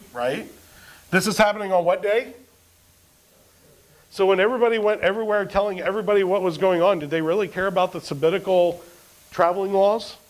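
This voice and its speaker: A man's voice: sits high, low-quality recording. A man preaching a sermon as pastor, asking the congregation questions and answering them, and reading scripture with rising emphasis. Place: church service.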